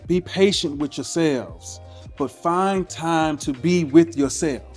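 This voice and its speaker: A man speaking as a podcast guest in an earnest, measured and reflective way, often checking in with "right?". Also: a little high, a little mellow, soft background music. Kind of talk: reflective interview talk.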